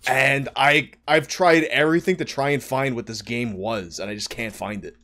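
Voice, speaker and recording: A man's voice: medium pitch, moderate pace, bright, forceful tone. A man chatting casually while playing a game on stream, often trailing off mid-thought. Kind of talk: casual chat while gaming.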